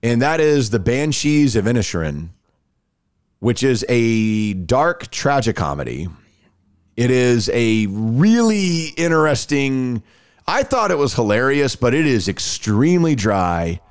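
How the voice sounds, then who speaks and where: A man's voice: mid-range voice, big pitch swings, a little slow, smooth, no room sound, clean studio sound. A man hosting a podcast, chatting casually and rambling with frequent restarts. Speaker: podcast host. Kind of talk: casual chat.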